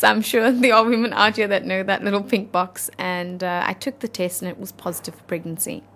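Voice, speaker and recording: A woman's voice: medium pitch, fairly even intonation, fairly bright tone. Earnest South African woman telling her story. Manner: earnest, halting, heartfelt. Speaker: interview guest. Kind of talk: personal storytelling in an interview.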